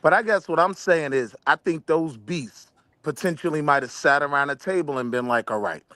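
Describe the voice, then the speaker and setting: A man's voice: fairly high pitch, moderate pace, no room sound. A man hosting a casual group debate podcast, arguing his point insistently and talking over others. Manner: argumentative, insistent, animated.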